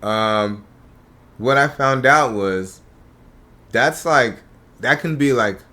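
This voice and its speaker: A man's voice: medium pitch, slow pace, pushed and bright. A man who is a comedian, a podcast guest in casual chat, given to joking, profane banter.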